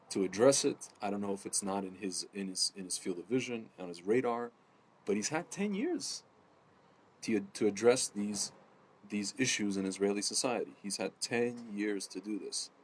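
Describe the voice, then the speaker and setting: A man ranting casually to camera, rambling with many fillers and restarts, often addressing his audience as ladies and gentlemen. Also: on the low side, animated, normal speed, a little hiss or hum. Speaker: political commentator. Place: home in Jerusalem.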